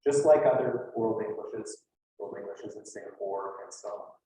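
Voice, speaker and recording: A man's voice: on the low side, normal speed, dark tone. Guy giving a chatty conference talk, lots of ums, recorded from far back in a big echoey hall. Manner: chatty, loose, with many fillers. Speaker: lecturer. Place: lecture hall.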